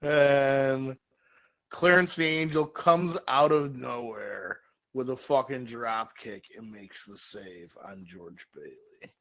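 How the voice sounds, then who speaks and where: Man, co-host, swearing, comic storyteller, mid pitch. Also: slow, poor audio. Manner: profane, energetic storyteller. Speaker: podcast co-host. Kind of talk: casual comedic storytelling.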